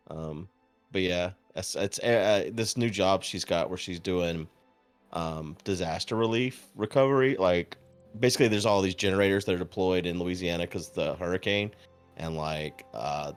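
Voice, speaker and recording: A low-voiced man chats on his stream and tells a long story in a dry, deadpan way with plenty of swearing. He acts out the voices of the people in it. Soft music plays faintly behind him. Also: clean tone. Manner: profane, deadpan. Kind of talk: casual chat.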